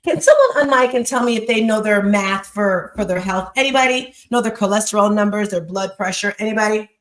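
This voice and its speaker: A woman's voice: mid-range voice, a little fast, reverberant, rough recording. A woman in her fifties hosting a motivational live chat, speaking emphatically and telling stories straight to her listeners. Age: 50s. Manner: emphatic, storytelling, talks to the audience directly. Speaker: host.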